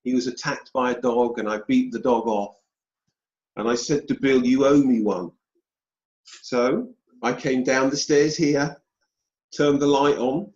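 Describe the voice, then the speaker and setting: British guy telling his story slow, pausing a lot, roomy dull audio. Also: mid-range voice, a little mellow. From United Kingdom. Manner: slow, deliberate storytelling with pauses. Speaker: guest. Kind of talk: storytelling interview.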